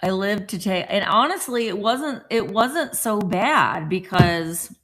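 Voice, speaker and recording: A woman's voice: mid-range voice, lively intonation, slow pace, a bit bright. A middle-aged woman casually chatting on a morning live stream from home, greeting viewers by name as she talks. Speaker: vlogger hosting a live stream.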